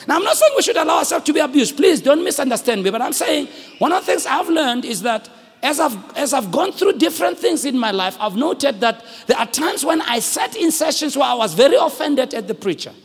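A man with a South African accent preaching a sermon to a congregation, animated, shouting at the peaks and joking with the crowd. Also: extremely high pitch, a little fast. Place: church hall with congregation. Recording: long echoing hall reverb.

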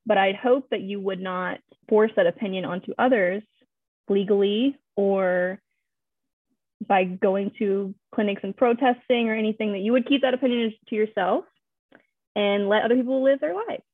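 A woman's voice: mid-range voice, moderate pace, dry recording. A woman with a Louisiana accent, a guest speaking earnestly and measuredly in a casual podcast chat. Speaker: guest, abortion rights advocate. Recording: tinny phone-like line.

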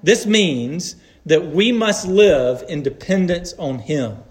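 A man with a fairly high voice delivers a sermon at a slow, deliberate pace. He speaks earnestly and in measured phrases. He leans on emphatic pauses to drive each point home. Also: expressive. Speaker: preacher.

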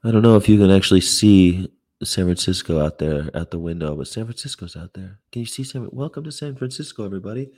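A man's voice: low voice, animated, fast talker. A man from the North of England, a vegan activist vlogger, reading news aloud and reacting with profane exasperation in a rented apartment room. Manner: profane, exasperated, swings between loud outbursts and muttering. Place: indoor rental apartment room with a window view.

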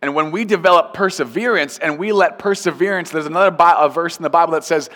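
A man's voice: a little high, quick pace, hardly any pauses, fairly bright tone. Pastor guy preaching earnestly, repeats lines for punch, big church reverb. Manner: earnest, building emphasis with repeated phrases. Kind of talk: sermon.

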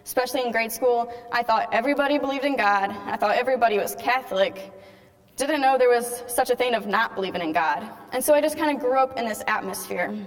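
A teenage girl giving a chatty personal testimony talk to a live audience and acting out bits of dialogue as she tells her story. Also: fairly high pitch. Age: teens. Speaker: speaker giving a faith testimony. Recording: long hall reverb.

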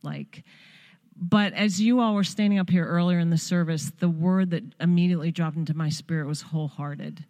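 A woman's voice: on the low side, steady tone, normal speed, dark tone, long reverb tail. A middle-aged woman from Long Island giving a heartfelt, conversational sermon as a guest speaker in a church. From Long Island, New York. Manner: heartfelt, conversational preaching with asides. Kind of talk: sermon exhortation. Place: church sanctuary.

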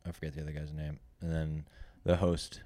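Deep-voiced man, rambling and dry. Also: flat delivery, brisk, mellow, dry recording. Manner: rambling, filler-heavy storytelling. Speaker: stand-up comedian. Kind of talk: casual podcast chat.

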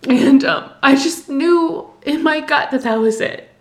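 A young woman telling an emotional personal story, halting and distressed, full of fillers and restarts. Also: sits high. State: distressed, near tears.

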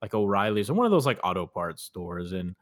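A man's voice: low voice, sing-song, brisk, dry recording. A man co-hosting a podcast in casual chat who laughs often and trails off mid-sentence. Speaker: podcast co-host.

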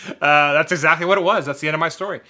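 A man co-hosting a podcast, telling a rambling story in casual chat, animated, full of fillers and laughs. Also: on the high side, very fast. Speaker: podcast co-host.

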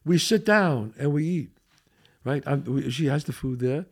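An older man, hosting a podcast and telling a profane, animated story in which he acts out the quotes. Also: on the high side, normal speed. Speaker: host.

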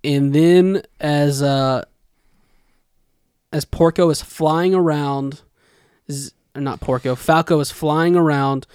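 Smooth-voiced man recapping anime scenes. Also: on the high side, steady tone, takes it slowly, long pauses, a little mellow, no room sound, clean studio sound. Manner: recounting scenes and quoting dialogue. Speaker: podcast co-host. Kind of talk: casual anime recap chat.

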